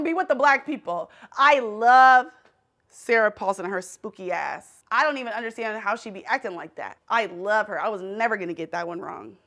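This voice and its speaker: A woman hosting her own show, talking in a casual, animated, exclamatory and slangy way. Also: fairly high pitch, moderate pace. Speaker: show host. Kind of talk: casual chat guessing celebrities.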